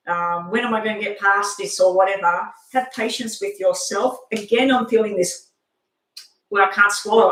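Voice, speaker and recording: Live-stream tarot reader, mid-pitched, unhurried and halting, lots of filler, echoey room sound. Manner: halting, with frequent ums. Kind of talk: live tarot reading to a viewer.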